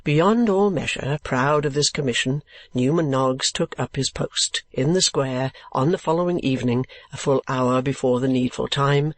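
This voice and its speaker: A man reading a classic novel aloud as an audiobook narrator, with measured storytelling. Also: medium pitch, no echo.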